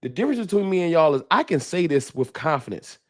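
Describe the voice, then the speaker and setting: A man hosting a fan livestream, talking trash in a preachy, animated way and reading viewer chats aloud. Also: a little high, quick pace. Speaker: sports fan show host.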